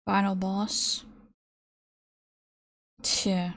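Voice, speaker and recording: Slow-talking young woman streamer. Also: medium pitch, level tone, fairly bright tone. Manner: chatty, exasperated ranting, reads chat aloud. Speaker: streamer painting live. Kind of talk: casual stream chat.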